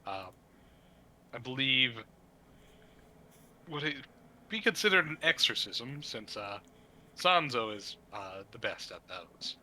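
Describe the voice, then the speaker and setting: A man's voice: medium pitch, sing-song, slow pace, pauses often, sharp tone, a little hiss or hum, exaggerated voice, rough recording. A man voicing a polite male monk who answers requests with courteous hesitation. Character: polite male monk keeping a damaged estate.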